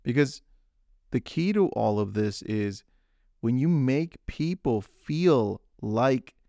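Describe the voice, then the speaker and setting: A man's voice: medium pitch, lively intonation, takes it slowly, vocal fry, warm tone, no room sound, clean studio sound. A man hosting a solo podcast, telling a story in an upbeat way with frequent restarts. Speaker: podcast host.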